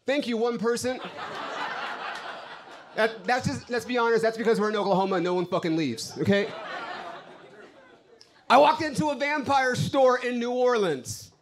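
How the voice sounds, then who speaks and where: A man's voice: extremely high pitch, normal speed, long pauses. A man doing a brash, profane stand-up set on a club stage, ranting to the crowd. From Los Angeles. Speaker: stand-up comedian.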